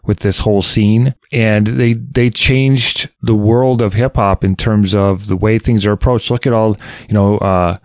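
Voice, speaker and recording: Low-voiced man hosting a music podcast. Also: steady tone, measured pace, hardly any pauses, a little mellow, no echo, clean studio sound. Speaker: podcast host. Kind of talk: casual music discussion.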